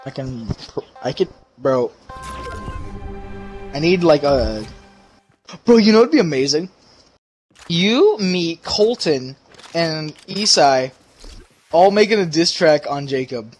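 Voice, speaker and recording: Goofy, animated man gaming with friends. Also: on the high side, slow, pauses often, slightly rough, soft background music. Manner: goofy, teasing, swings between loud outbursts and mumbles. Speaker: gamer. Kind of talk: casual gaming chat with friends.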